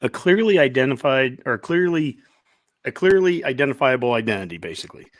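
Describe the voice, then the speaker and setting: A man hosting a casual sports podcast, animated and excitable, laughing often. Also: mid-range voice, a little fast, no echo. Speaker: podcast host.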